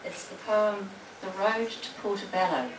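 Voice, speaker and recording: A woman, acting as competition judge, announces the winning poems. She speaks deliberately, with pauses and fillers. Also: medium pitch. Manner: deliberate, pausing, with many fillers. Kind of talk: prize announcement at a public event. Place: library hall at a public event. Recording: echoey hall, distant mic, audible noise.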